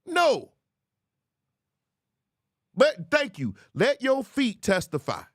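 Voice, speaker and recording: Guy hosting a commentary show, high voice that jumps all over, mocking and laughing, dry close sound. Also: extremely slow, no room sound. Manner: animated, mocking, laughing often; swings into high squeals when ridiculing. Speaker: host. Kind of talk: commentary on viral clips.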